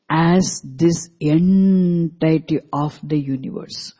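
A teacher giving a scripture class, deliberately repeating and explaining Sanskrit terms and asking the students questions. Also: mid-range voice, warm tone, slightly rough. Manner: asks the class rhetorical questions. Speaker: Vedanta teacher.

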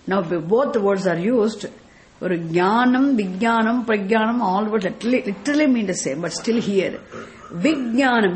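A woman's voice: on the high side, darkish tone, a little hiss or hum. A woman from South India with a South Indian accent, giving a scriptural lecture as a spiritual teacher and quizzing her listeners with rhetorical questions about Sanskrit terms. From Tamil Nadu, India.

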